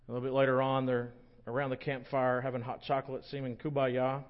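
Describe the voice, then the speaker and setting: A man's voice: medium pitch, monotone, fast talker, lo-fi sound. A man, a pastor, preaching a sermon in a conversational, joking storytelling manner.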